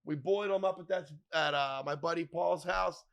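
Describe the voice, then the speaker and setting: A middle-aged man hosts a podcast from a bar, rambling through profane, joking stories. His voice is gravelly and sits a little high for a man. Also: moderate pace, a bit bright. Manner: rambling, profane, jokey name-dropping. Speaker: podcast host. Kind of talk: casual storytelling chat.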